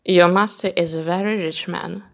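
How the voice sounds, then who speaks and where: A woman's voice: fairly low pitch, steady tone, normal speed, vocal fry. Woman reading as a genial storybook king. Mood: pleased. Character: pleased old male king, genial.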